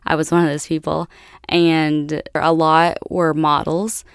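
A woman's voice: low-pitched, little pitch movement, measured pace, smooth, no room sound, studio quality. A young woman from the United States telling a personal story to her viewers in a chatty, casual way, full of "like". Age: young adult. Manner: chatty, lots of "like" and laughs. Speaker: vlogger.

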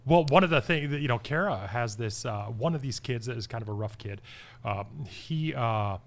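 A man's voice: mid-range voice, moderate pace. A middle-aged man, a podcast guest, telling stories in a casual chat with lots of "oh, yeah" and "you betcha". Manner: animated storyteller, frequent "oh, yeah" and "you betcha".

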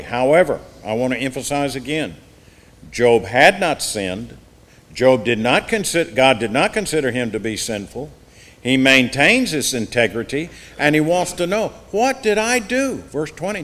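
A man's voice: mid-range voice, a bit bright, in a large hall. A man teaching an evening Bible class, reading scripture aloud with rising emphasis and then explaining it plainly.

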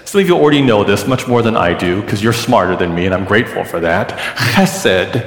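A man's voice: lowish voice, lively intonation, quick pace. A middle-aged male pastor preaching a sermon to his congregation, earnest and teaching, leading them to repeat a word. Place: large church sanctuary. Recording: roomy church with long reverb.

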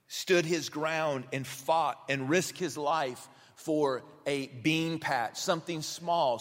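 A male pastor giving a sermon, telling stories in a relaxed, conversational way with many fillers and restarts. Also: on the high side. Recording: long hall reverb.

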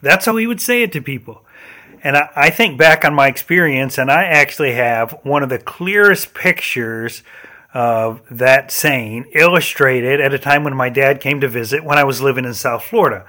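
A man's voice: medium pitch, normal speed, pushed and bright. A man hosting a faith and leadership podcast, telling personal stories in an earnest way with a few restarts. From Michigan, USA. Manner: earnest storytelling with occasional restarts. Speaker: podcast host.

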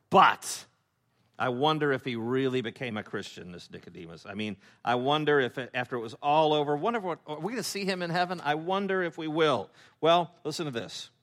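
A man preaching a sermon as a pastor, acting out biblical characters with laughing asides and dropping to a hush on solemn points. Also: a little high. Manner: animated storytelling, acting out voices of biblical figures, laughing asides; drops to a hushed, slow tone on solemn points.

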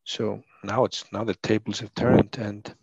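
A man's voice: on the low side, steady tone, measured pace, creaky, a little mellow, slightly rough, dry recording, dull audio. A man from Iceland speaking English as a second language, with a thick Icelandic accent, reflecting thoughtfully and searching for words. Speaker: leadership coach. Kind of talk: reflective conversation.

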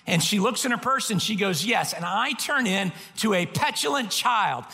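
A male pastor preaching, his fairly high voice gravelly with a hint of fry, bright and sharp at the edges. He tells his stories in an animated, self-mocking way. The sound rings out in the long reverb of a big hall. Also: normal speed, hardly any pauses. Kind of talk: sermon.

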